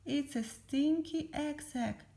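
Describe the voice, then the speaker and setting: A woman's voice: high-pitched, takes it slowly, vocal fry, mellow, pitched above the performer's own voice, heavily acted. A woman reading a storybook aloud, voicing a dim, easily scared male starfish with whiny, panicky cries.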